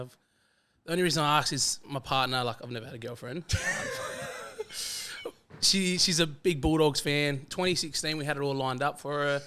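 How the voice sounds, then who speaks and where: An Australian man who is a podcast guest, telling casual anecdotes in a lively way and acting out the dialogue he quotes. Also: a little high, smooth. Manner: animated, fast-flowing anecdotes that act out quoted dialogue. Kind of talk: casual storytelling chat.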